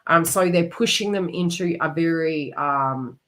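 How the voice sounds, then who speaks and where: Woman, low register, psychic reader on a live stream, emotive and rambling, restarts often. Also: a little slow, a bit bright. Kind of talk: live online psychic reading.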